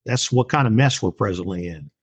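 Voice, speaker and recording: Guy doing a slow bible lesson, lowish voice, dry close sound. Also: lively intonation, breathy edge, dry recording. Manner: slow, deliberate, with many pauses. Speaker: Bible teacher.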